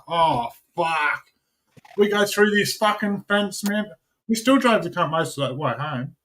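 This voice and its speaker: Australian guy, animated storyteller, swears constantly, slightly high voice. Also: a little hiss or hum. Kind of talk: casual chat.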